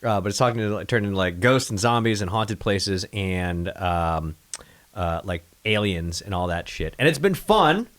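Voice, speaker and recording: A man hosting a podcast, chatting casually and telling lively stories with casual swearing. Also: fairly low pitch, normal speed. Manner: animated storyteller, swears casually. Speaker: podcast host. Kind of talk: casual chat.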